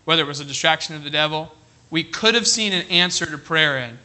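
A high-voiced man preaches a sermon to his congregation. His tone is very bright and forceful. He keeps checking with the room, asking if they are ready, and drops to a slower, quieter voice when he reads scripture. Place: church congregation.

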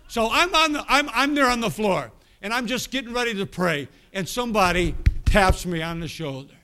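A man preaching a sermon, telling a personal story and swinging from quiet asides to loud, emphatic bursts. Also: sits high, expressive, normal speed, soft background music.

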